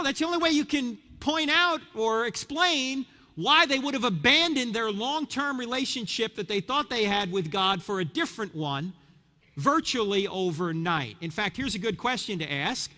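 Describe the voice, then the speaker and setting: A man's voice: extremely high pitch, normal speed. A man of about fifty giving a sermon-style lecture to a live audience, telling stories and asking rhetorical questions. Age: around 50. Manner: animated storyteller, rhetorical questions. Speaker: Christian speaker. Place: large hall with audience. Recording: reverberant hall.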